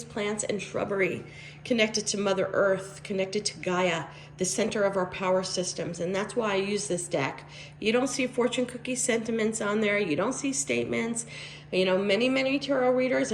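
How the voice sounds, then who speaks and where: A hoarse woman who has almost lost her voice, talking in a chatty, earnest way as a tarot reader giving a spiritual reading. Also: mid-range voice, slight background noise. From Las Vegas, Nevada. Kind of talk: casual tarot reading monologue.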